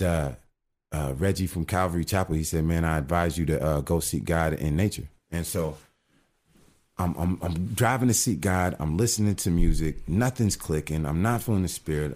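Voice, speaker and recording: Middle-aged man, very low voice, earnest restart-heavy faith storytelling on a casual talk show. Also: a little mellow. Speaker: guest telling his testimony.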